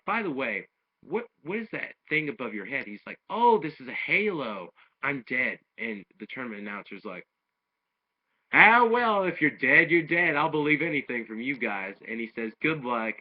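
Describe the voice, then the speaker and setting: Low-voiced man recapping an episode. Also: lo-fi sound. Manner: animated retelling, quick asides. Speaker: episode reviewer. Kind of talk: casual recap review.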